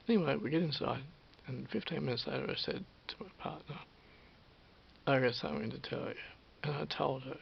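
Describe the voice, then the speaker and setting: A man with an Australian accent telling a story to camera in a casual vlog, animated, swearing freely and dropping into whispers. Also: a little high, moderate pace, pauses often. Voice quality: gravelly. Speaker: vlogger. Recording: dull lo-fi with faint hiss.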